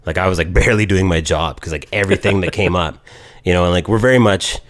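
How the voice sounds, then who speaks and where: Speaking fast in a low voice, a podcast co-host animatedly recounts a story during casual chat. He quotes people along the way, doing their voices.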